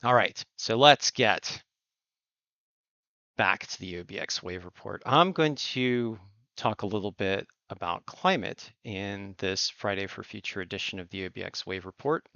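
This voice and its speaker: A man hosting a surf and climate report, speaking in earnest, emphatic commentary with deliberate phrasing. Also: on the low side, sharp tone, no room sound. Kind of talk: impassioned spoken commentary. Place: Outer Banks coast. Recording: dull lo-fi recording.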